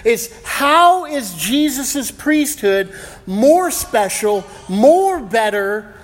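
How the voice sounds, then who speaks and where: Extremely high in pitch, very animated, and very slow, a middle-aged male pastor leads an evening sermon with prayer before launching into a personal anecdote told in loose, slangy terms. The room has a long hall reverb.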